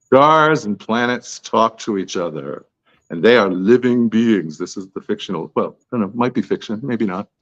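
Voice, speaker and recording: A man's voice: lowish voice, expressive, moderate pace, fairly bright tone, dry recording, lo-fi sound. A man being interviewed as an author, talking in a chatty, tangential, self-deprecating way. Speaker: author guest. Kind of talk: podcast interview answers.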